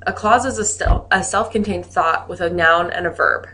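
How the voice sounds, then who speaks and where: A woman's voice: fairly low pitch, moderate pace, bright, forceful tone, a little hiss or hum. A woman teacher giving a recorded grammar lesson, explaining rules in a friendly way with joking asides.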